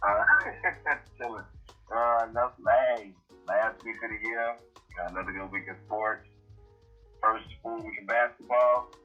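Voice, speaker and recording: A man's voice: on the low side, fairly even intonation, a little slow, long pauses. A young man from Houston, co-hosting a sports podcast in a laid-back, loose way. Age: young adult. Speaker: podcast co-host. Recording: dull lo-fi sound, faint music.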